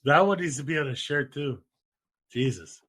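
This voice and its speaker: A man's voice: on the high side, normal speed, bright, forceful tone, slightly rough. A man hosting a casual podcast, upbeat, calling on each co-host in turn. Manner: upbeat, runs the round, calls on each guest.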